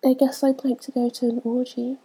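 Young woman, stuffy from a cold, casual hesitant chat, fairly high voice, gravelly. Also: little pitch movement, brisk, warm tone, rough recording. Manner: hesitant, many ums, laughs between answers. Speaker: vlogger answering a questionnaire.

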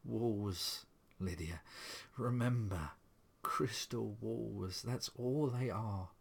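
A man voicing a calm, soothing husband. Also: lowish voice, extremely slow, vocal fry, breathy edge, exaggerated voice. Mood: reassuring. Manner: soothing, dryly amused. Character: calm, reassuring middle-aged husband.

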